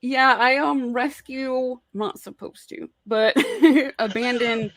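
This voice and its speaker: A woman guest in casual chat on a podcast, giggly and quick to laugh, speaking over a remote call. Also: high-pitched, no echo.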